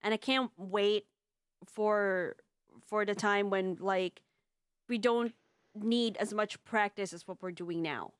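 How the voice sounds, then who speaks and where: A woman's voice: medium pitch, steady tone, takes it slowly, smooth, dry recording. A young woman leading a voice-dubbing group, thanking her team in casual, rambling chat with many restarts. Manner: effusive, grateful, rambling with restarts.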